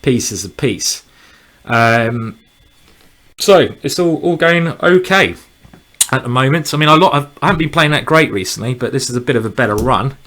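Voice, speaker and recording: A man's voice: medium pitch, expressive, normal speed, a bit bright. Male chess streamer, chatty, rambling, mid-range voice, erupts into cheers at good moves. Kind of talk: live chess commentary while playing.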